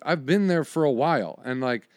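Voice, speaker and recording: A young adult man in casual chat, telling stories in an animated way, swearing and acting out what people said. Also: fairly high pitch, normal speed, smooth, no room sound, studio quality. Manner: animated storyteller, swears, acts out exchanges.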